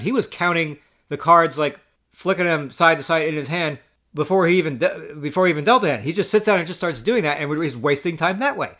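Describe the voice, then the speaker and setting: A poker player vlogger, a man with a slightly high and fairly bright voice, tells a poker table story as an exasperated, profane rant. His ranting storytelling is full of stammered restarts.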